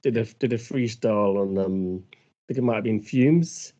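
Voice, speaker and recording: Mellow-voiced man telling anecdotes. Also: fairly low pitch, moderate pace. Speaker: podcast co-host. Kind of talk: casual podcast chat. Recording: dull lo-fi sound.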